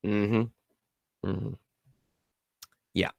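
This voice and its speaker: A man's voice: fairly low pitch, fairly even intonation, drawn-out words, gravelly, darkish tone, dry recording. A man hosting a casual live commentary show, reading viewer comments and news aloud with a sarcastic edge. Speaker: host.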